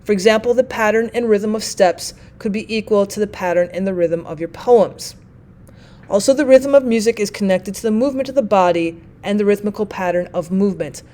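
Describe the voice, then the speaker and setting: With a mid-range, dark-toned voice, a woman teaches a lesson step by step. She explains methodically and takes the examples slowly.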